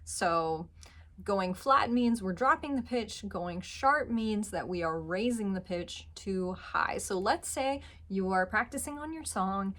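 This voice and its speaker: A woman teaching a singing lesson, patiently explaining pitch and demonstrating notes with her voice. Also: animated, slow, a bit bright. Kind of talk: vocal lesson.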